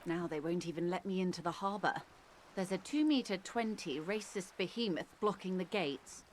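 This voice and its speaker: A woman's voice: lowish voice, slight background noise, natural voice. A woman voicing a composed, formal female negotiator in a video game, with polished diction. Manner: composed and measured. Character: poised, formal middle-aged woman negotiator. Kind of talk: game voice acting.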